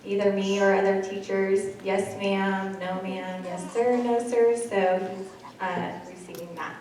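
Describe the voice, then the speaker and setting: A woman's voice: mid-range voice, flat delivery, a little slow, darkish tone, a little hiss or hum. A woman teacher from Kansas giving out school awards in a chatty, emotional way, with laughing asides. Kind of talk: award ceremony speech. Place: school gym or hall. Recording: echoey hall, mic far off.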